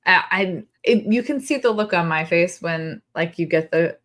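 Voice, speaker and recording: Candid mom, lowish voice. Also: female voice, moderate pace. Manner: candid, animated storytelling, laughs. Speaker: podcast co-host. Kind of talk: casual chat.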